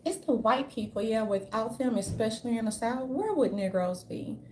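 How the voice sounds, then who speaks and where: In a noisy setting, a woman vlogger with a fairly high, animated voice rants at a moderate pace, casual and blunt. She swears freely and keeps restarting her rambling sentences, with roomy echo and faint ambience in the recording.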